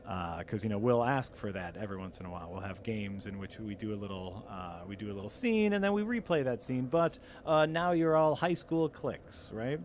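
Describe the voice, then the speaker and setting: A man's voice: fairly low pitch, animated, brisk, hardly any pauses, a little hiss or hum. Playful man chatting while gaming. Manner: playful, talks to chat while playing. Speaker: host playing a game on stream. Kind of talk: casual gaming chat.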